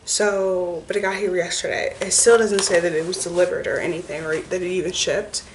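A woman's voice: lowish voice, level tone, brisk. A young woman vlogging casually at home, chatty and full of "like" fillers, talking toward a camera across the room. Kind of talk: casual vlog chat. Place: bathroom at home. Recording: echoey room, mic far off, noisy.

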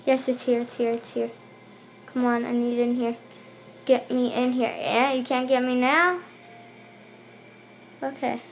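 A high-voiced woman narrates her own game session, yelping and repeating words in frantic bursts when things go wrong. She speaks slowly between those outbursts and heckles the creatures chasing her. A faint hiss sits behind her voice. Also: flat delivery. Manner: talks to the game's enemies. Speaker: gaming channel host. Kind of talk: let's play commentary.

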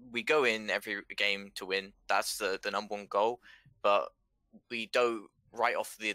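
A man's voice: on the low side, creaky, sharp tone, no room sound. A man answering interview questions about his esports team in an earnest, thoughtful way.

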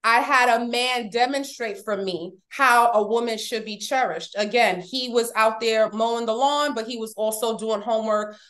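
A woman podcast guest shares candid personal stories about family and marriage, heartfelt and emphatic and at times emotional. Her voice is on the high side and fairly bright, at a moderate pace with hardly any pauses.

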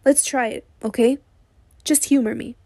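A tired, gentle man speaks slowly and softly, patient under his worry, voiced by a woman reading an audiobook. The voice is hoarse and mellow, a little higher than usual, and the recording is dry and close. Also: fairly even intonation, no room sound. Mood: coaxing.

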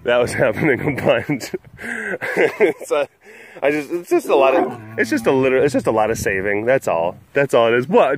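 A man filming a casual vlog at an animal facility, teasing the tigers playfully and breaking into laughs. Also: mid-range voice. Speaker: big cat keeper filming the animals.

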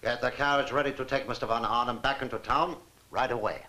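A commanding old professor, as an actor voices him in a dubbed period film, formal and cold. He has a bright, firm voice at a middle pitch and gives clipped orders. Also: fairly even intonation, quick pace, close to an everyday voice, low-quality recording. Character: stern older male professor, cold and commanding. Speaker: professor and father.

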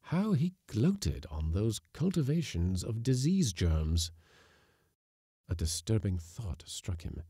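A man reading a classic short story aloud with expressive, dramatic delivery. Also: lowish voice, takes it slowly, slightly rough, no room sound, studio quality.

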